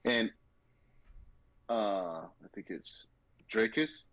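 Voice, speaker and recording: A man's voice: lowish voice, extremely slow, no room sound, low-quality recording. Sarcastic male podcast host. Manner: animated, mocking, quotes people in sarcastic voices. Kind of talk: casual sports betting chat.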